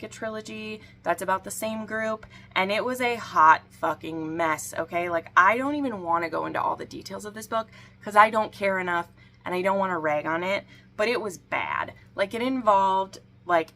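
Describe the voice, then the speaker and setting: A woman's voice: lowish voice, fairly bright tone. A woman chatting casually as a book reviewer, rambling and frank, with lots of "like" fillers. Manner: rambling, frank, heavy use of "like".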